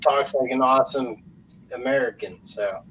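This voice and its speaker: A man's voice: medium pitch, normal speed, fairly bright tone, far from the mic, a little hiss or hum, rough recording. A man in casual chat, talking loosely and packing his lines with fillers. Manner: loose, filler-heavy talk.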